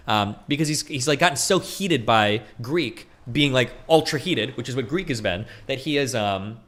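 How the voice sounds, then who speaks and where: A man streaming fast, heated commentary, arguing and swearing, with frequent "right?" and "okay?" tags. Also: mid-range voice, expressive, a bit bright. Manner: argumentative, profane, rhetorical "right?" tags. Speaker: streamer debating online.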